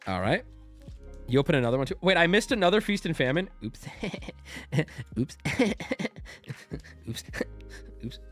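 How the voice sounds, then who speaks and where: Streamer type, thirties, lively swinging pitch, reads cards in silly voices, faint music under him. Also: male voice. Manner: animated, jokey, reads card text aloud with goofy voices. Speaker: streamer opening card packs. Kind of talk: casual stream chat.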